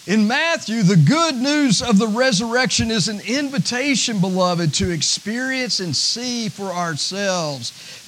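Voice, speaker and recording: A man preaching a sermon in a rather high voice, taking his time over every phrase. He swings from loud, ringing declarations down to hushed near-whispers. A faint hiss sits under the recording. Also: rough recording. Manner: preacher's rhythm, rising to shouts and dropping to near-whispers. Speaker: pastor.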